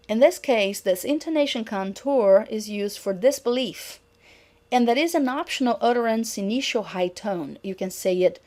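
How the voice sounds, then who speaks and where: A middle-aged woman giving a recorded lecture on intonation, speaking clearly and acting out example sentences. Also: medium pitch, animated, normal speed, darkish tone.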